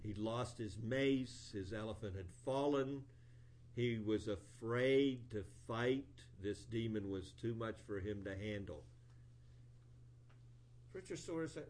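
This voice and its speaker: A man giving a sermon, retelling an old scripture story in an animated storytelling voice with rising emphasis. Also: lowish voice, slow pace. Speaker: preacher.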